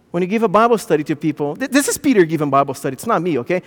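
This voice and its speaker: A man preaching a sermon, animated, swinging between loud bursts and hushed lines. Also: high voice, rapid-fire, hardly any pauses, slight background noise. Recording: long hall reverb.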